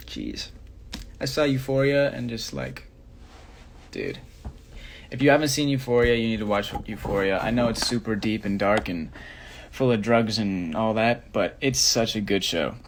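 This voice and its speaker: A man's voice: lowish voice, expressive, moderate pace, slight background noise. A young man, a singer, casually answering fan questions on a phone livestream, sleepy and rambling with many fillers. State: sleepy, yawning.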